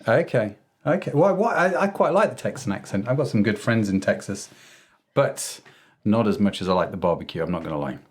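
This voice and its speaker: A man's voice: on the low side, expressive, fairly quick. Upbeat man hosting a podcast. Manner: upbeat, playful, repeats "oh, yes". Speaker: podcast host. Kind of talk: casual interview chat.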